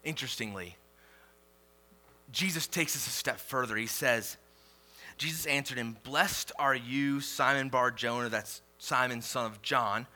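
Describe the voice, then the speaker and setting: A male pastor preaching a sermon, reading scripture slowly and swelling loud on key declarations before dropping quiet. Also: medium pitch. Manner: reads scripture slowly and deliberately.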